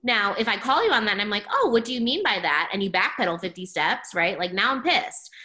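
A woman talking in a casual podcast chat, blunt and animated, saying "like" a lot and swearing freely. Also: medium pitch, a little fast.

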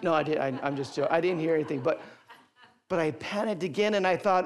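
A middle-aged male pastor delivers a sermon as fast, animated storytelling. His voice leaps high when he gets excited and drops quiet for serious points.

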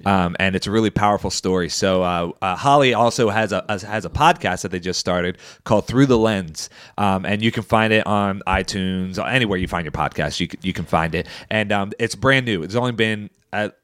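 A man's voice: low voice, brisk, hardly any pauses, fairly bright tone, smooth, dry recording, clean studio sound. A young man co-hosting a podcast, chatting casually, laughing often and restarting his sentences. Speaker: podcast co-host. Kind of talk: casual chat.

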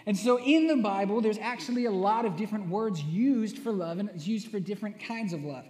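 A man's voice: high voice, brisk, darkish tone. A young man preaching a sermon, telling playful self-mocking stories and often asking "right?". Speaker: worship minister preaching. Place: church sanctuary. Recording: echoey long hall reverb.

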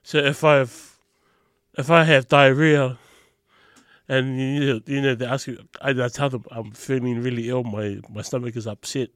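A man co-hosting a podcast in casual chat, telling stories and laughing loudly at them. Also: mid-range voice, moderate pace, no room sound, clean studio sound. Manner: animated, laughs loudly at his own stories. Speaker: podcast co-host.

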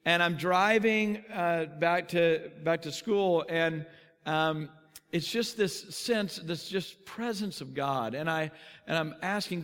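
A middle-aged man preaching, telling his own story in earnest, now quick, now slowing down for weight. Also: fairly high pitch, fairly bright tone, long reverb tail. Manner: earnest personal testimony, quick then slowing for emphasis. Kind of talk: sermon storytelling. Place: large conference hall.

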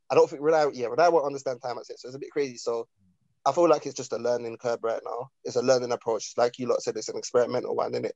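A man's voice: medium pitch, darkish tone, no room sound, muffled recording. A young man chatting casually on a podcast, rambling with slang and restarts. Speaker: podcast co-host. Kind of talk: casual chat.

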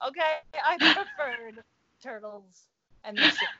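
Brief: woman co-host, casual banter, high bright voice that swoops around, lo-fi. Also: unhurried, crowd noise. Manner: playful, animated, drops into silly voices. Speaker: podcast co-host. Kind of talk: casual chat. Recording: slightly dull lo-fi audio.

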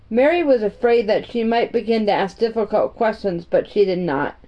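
A woman reading a children's story aloud in a gentle, homey storytime manner. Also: medium pitch, moderate pace, few pauses. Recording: muffled lo-fi recording.

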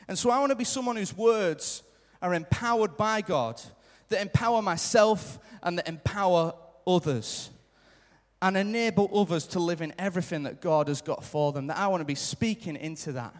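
In a live church service, a high-voiced preacher delivers an earnest sermon at a moderate pace, stressing points by repetition and slipping into short acted-out quotes. A long hall reverb trails his words.

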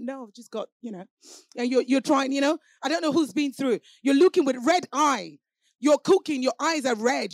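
A woman preacher with a high voice, her delivery impassioned and full of repetition. She moves between quiet, heavy passages and loud, ringing exclamations. The sound is dry and close. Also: dry recording. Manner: impassioned, repetitive, swinging from hushed to shouted. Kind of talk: sermon.

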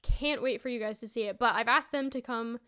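A woman talks alone into the mic for her podcast in a smooth, resonant voice that sits a little high. Her chat is loose and rambling, full of laughs and restarted sentences. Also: a little fast, a bit bright. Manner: chatty and rambling, laughing often, restarting thoughts. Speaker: podcast host. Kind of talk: solo casual podcast chat.

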